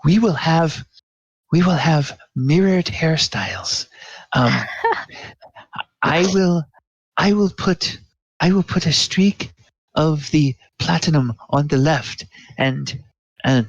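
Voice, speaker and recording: A man's voice: a little high, no room sound, voice pushed up. A man voicing a stately royal woman. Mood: playful. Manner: stately, halting formal speech. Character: gracious, warm royal woman named Coyote. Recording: dull lo-fi dry recording.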